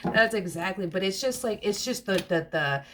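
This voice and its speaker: A woman's voice: medium pitch, animated, normal speed, background noise. A woman giving a casual tarot reading. She is chatty and giggly, and she repeats her words often. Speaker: tarot card reader.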